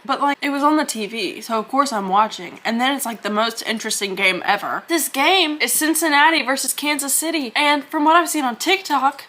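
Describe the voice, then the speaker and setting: Bright, chatty young woman vlogging. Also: high-pitched. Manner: chatty, rambling, self-deprecating. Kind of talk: casual vlog chat to camera. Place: at home indoors.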